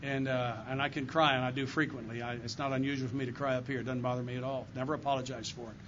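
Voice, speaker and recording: In a meeting room before an audience, an older man gives a sincere, heartfelt recovery testimony as an AA circuit speaker. He talks fast in a mid-range voice with a level tone. Background noise runs through this dull lo-fi live recording.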